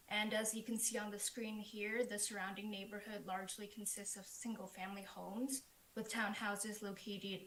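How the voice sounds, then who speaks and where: A woman's voice: mid-range voice, a bit bright. A woman planner reads steadily through a formal prepared report. Her voice comes over a remote call with a roomy echo and a faint hiss behind it. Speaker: planner presenting a proposal. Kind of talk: formal presentation. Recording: echoey remote call audio.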